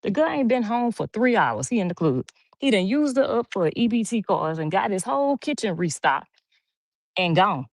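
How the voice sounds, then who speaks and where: A woman's voice: medium pitch, big pitch swings, normal speed, no room sound. A middle-aged woman from Louisiana with a Louisiana twang, chatting casually on a livestream, reading comments and gossiping with a laugh. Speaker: livestream host. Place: home.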